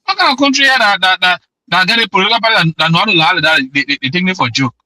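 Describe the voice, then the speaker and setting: A man's voice: sits high, animated, racing, bright, forceful tone, no room sound, rough recording. A man with a Liberian English accent calling in to give impassioned, repetitive political commentary. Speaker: caller.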